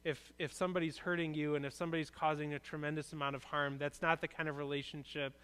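A male pastor gives a relaxed, conversational sermon in a church, earnest and plain-spoken. His voice is smooth and resonant and sits a little high, and he often circles back over his own words before going on. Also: fast. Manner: conversational, earnest preaching with frequent restarts.

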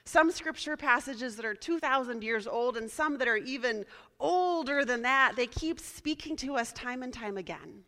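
A woman pastor giving a chatty, casual sermon, spelling some words out slowly. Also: sits high, animated, bright, forceful tone, big-room sound.

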